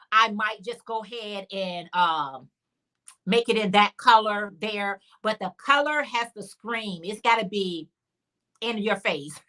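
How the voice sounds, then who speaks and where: Bright-voiced woman chatting on a livestream. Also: on the high side. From Chicago area. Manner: chatty, reads out and answers viewer comments. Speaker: livestream host. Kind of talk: casual crochet livestream chat.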